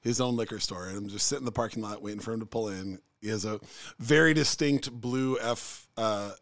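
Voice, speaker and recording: A man co-hosting a podcast, chatting in a relaxed, jokey way and laughing easily. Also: fairly low pitch, a little fast. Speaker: podcast co-host. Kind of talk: casual chat.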